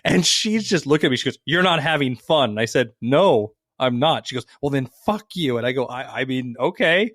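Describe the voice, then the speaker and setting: Man from Las Vegas telling animated stories. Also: medium pitch, a little fast, hardly any pauses, dry recording, studio quality. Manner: animated storytelling, swears freely, acts out quotes. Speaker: podcast co-host. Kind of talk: casual chat.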